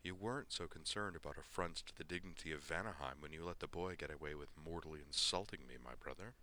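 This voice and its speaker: A man's voice: a bass voice, fast talker, bright, forceful tone, a little hiss or hum. A man voicing a haughty young goddess who speaks with icy reproach. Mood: cold reproach.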